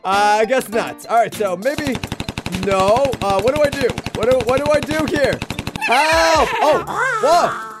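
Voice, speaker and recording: A man with a strikingly high voice gives giggly, excitable let's-play commentary and talks straight to his viewers. Game music plays clearly behind him. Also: moderate pace. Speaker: gaming YouTuber.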